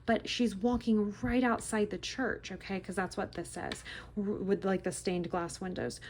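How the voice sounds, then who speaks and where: A woman giving a casual, gentle tarot reading to her viewers, reassuring and repeating herself with frequent "okay?" checks. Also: medium pitch, steady tone, normal speed, a little hiss or hum. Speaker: tarot reader.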